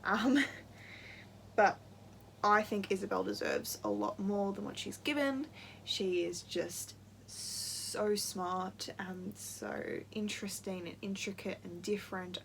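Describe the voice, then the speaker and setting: A woman's voice: mid-range voice, takes it slowly. Young woman book vlogger, everyday mid-range voice, gushy and easily worked up, with a faint hiss behind her. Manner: gushing and excitable, laughs often, gets worked up. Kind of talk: casual book-tag vlog.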